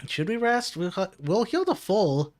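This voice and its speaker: A gaming commentator speaks in a high-pitched, sing-song voice with a darkish tone and a measured pace. He gives casual let's-play commentary on his own card game, guiding himself through each move while muttering and laughing at his setbacks.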